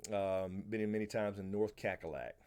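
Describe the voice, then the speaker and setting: A man's voice: on the low side, moderate pace, smooth. A man with a Southern American accent hosting a live question-and-answer stream, chatting loosely and greeting viewers by name. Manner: relaxed, rambling, answers chat by name. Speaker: livestream host. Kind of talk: casual live Q&A chat.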